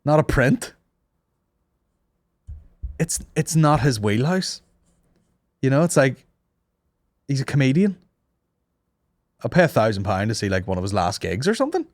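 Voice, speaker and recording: A man's voice: medium pitch, big pitch swings, measured pace, pauses often, no room sound, clean studio sound. A man hosting a comedy podcast, telling stories in casual, sweary banter and slipping into mock voices. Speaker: podcast host.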